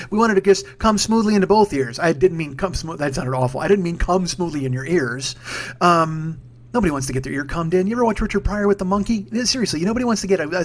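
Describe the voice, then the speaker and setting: A man in his forties hosting a casual solo podcast from home, rambling, swearing and mocking himself. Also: high-pitched. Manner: profane, rambling, self-mocking. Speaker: podcast host. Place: home room with a humming ceiling fan. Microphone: sock-covered mic, speaking a bit back from it.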